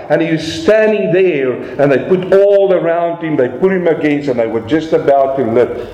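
Man preaching a sermon, slightly high voice, dramatic storyteller, lots of questions, roomy echo. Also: moderate pace, few pauses, a little mellow. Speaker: pastor. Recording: echoey church room.

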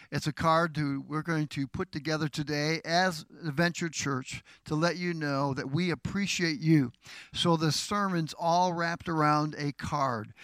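A middle-aged man preaching a sermon as pastor, with a slightly raised pitch. He speaks earnestly and personally, and the sound is dry and close. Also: fairly bright tone, no echo. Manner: tender, heartfelt tribute to his wife.

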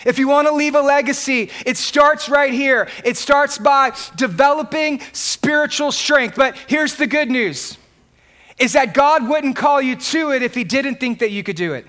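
Man, pastor, very high voice, emphatic sermon, shouted peaks. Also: normal speed.

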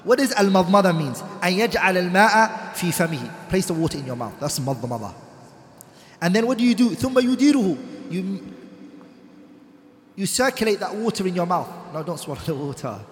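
Male religious lecturer, high and quick, reads Arabic passages then explains them in English, asks the class questions; long hall reverb. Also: big pitch swings. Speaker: teacher of Islamic law. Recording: echoey hall.

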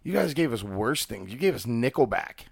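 A man's voice: medium pitch, sing-song, normal speed, creaky, breathy edge, no room sound. A man from the United States hosting a podcast, talking in loose, profane, casual banter. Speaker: podcast host.

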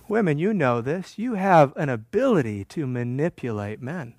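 A man's voice: a little high, big pitch swings, moderate pace, darkish tone, no echo. A man preaching a sermon in a church, with a conversational, wry manner that teases the congregation. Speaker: pastor.

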